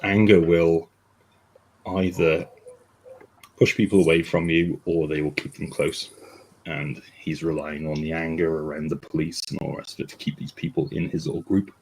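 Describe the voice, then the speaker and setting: A man who moderates a stream, speaking in a measured, opinionated way with dry asides. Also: a bass voice, flat delivery, a little mellow, a little hiss or hum, low-quality recording. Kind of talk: casual panel chat.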